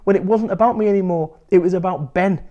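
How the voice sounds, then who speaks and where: A high-pitched, fast-talking man from England comes through with lo-fi sound. The motivational speaker is candid in an interview, talking bluntly and animatedly and cursing freely.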